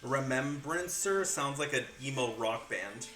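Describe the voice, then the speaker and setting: A man's voice: medium pitch, lively intonation, a little slow, pushed and bright, faint music behind. A man streaming while painting miniatures, chatting casually and jokingly with his viewers. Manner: jokey, rambling, talks to chat.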